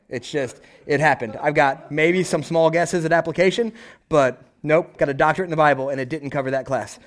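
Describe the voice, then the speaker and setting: High-voiced, animated male preacher. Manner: animated preaching, acts out voices, frequent "right?". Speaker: pastor. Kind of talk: sermon.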